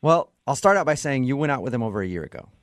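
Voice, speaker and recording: A man's voice: medium pitch, big pitch swings, very fast, no echo. A male morning radio co-host runs a call-in bit with a teasing, sarcastic edge. His voice sits in an ordinary middle register. The studio sound is close and dry. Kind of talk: radio call-in segment banter. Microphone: studio mic.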